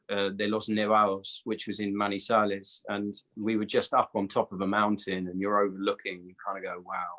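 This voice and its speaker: British male actor, low-pitched, enthusiastic and rambling interview guest. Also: fairly bright tone, poor audio. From Britain. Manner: rambling, enthusiastic, self-deprecating. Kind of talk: casual interview chat.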